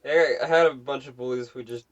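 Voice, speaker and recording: A young man co-hosting a podcast from home, talking in halting casual chat, often restarting and repeating himself. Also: medium pitch, fairly even intonation, highs cut off. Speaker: podcast co-host.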